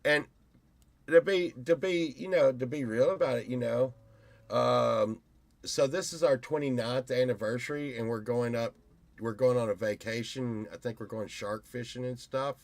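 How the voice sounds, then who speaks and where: A man's voice: medium pitch, normal speed, gravelly, dry recording. A man in his fifties, rambling through a casual vlog monologue and telling stories with many restarts. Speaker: YouTuber.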